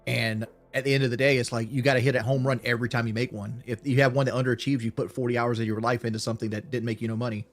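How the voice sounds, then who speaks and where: A man's voice: mid-range voice, level tone, rapid-fire, few pauses, faint music behind. A man with a Southern US accent, rambling casually on a late-night call and swearing now and then.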